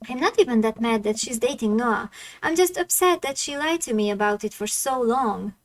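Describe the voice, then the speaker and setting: A wounded teenage girl, stung that her friends turned on her, as a woman reads her lines aloud. The voice sits a little high and is barely acted, close to the reader's own everyday voice. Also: expressive, moderate pace. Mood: hurt. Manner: plain read-aloud game dialogue. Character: hurt, upset teenage girl betrayed by friends.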